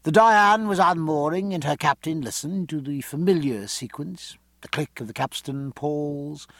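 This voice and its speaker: A man narrating a novel in an expressive, dramatic storytelling style. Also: on the high side, unhurried, no echo. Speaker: audiobook narrator. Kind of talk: scripted narration.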